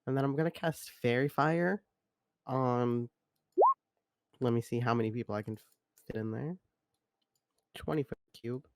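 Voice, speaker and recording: A man's voice: medium pitch, measured pace, pauses often, a little mellow, no room sound, clean studio sound. A man playing a tabletop game, thinking aloud hesitantly as he plans his turn. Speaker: player. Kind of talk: casual tabletop play.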